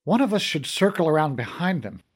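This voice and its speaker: A man voicing an easygoing, adventurous male companion with a calm, dry manner. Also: a little high, a little fast, breathy edge. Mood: scheming.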